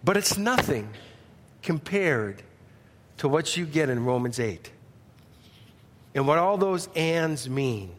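High-voiced man preaching a sermon. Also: sing-song, slow pace, long pauses, fairly bright tone, big-room sound. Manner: conversational, storytelling with frequent restarts. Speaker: pastor.

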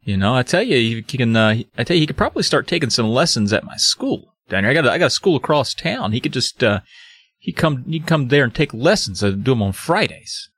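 A man voicing a creepy older male piano teacher who speaks in a slow, lingering, fawning way. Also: medium pitch, sing-song, a bit bright, slightly rough, dry recording, studio quality.

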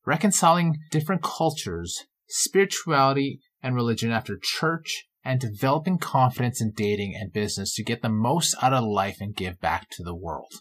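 A man's voice: mid-range voice, animated, moderate pace, few pauses, a bit bright. A man from Vancouver hosting a casual podcast interview, friendly and enthusiastic. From Vancouver, Canada. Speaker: podcast host.

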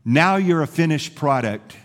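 A pastor voicing a patient master potter who quietly explains his work to a teacup in a sermon story. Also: on the high side, expressive, a little slow. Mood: reassuring. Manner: quiet, gentle, reassuring.

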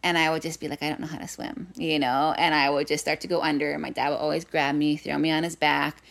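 A woman from Hawaii telling a personal story in conversation, animated and full of "like" fillers. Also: sits low, fast talker, creaky. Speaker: guest.

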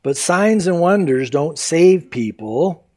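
A man preaching a sermon, retelling Bible stories with animated delivery and acted-out quotes. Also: on the high side, slow pace. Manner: animated storytelling, acting out quoted voices. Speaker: pastor.

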